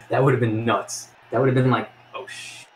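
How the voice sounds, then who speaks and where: A man's voice: mid-range voice, steady tone, normal speed, slight background noise. A man giving live commentary on his own speedrun, joking and laughing often. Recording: echoey room, game music behind.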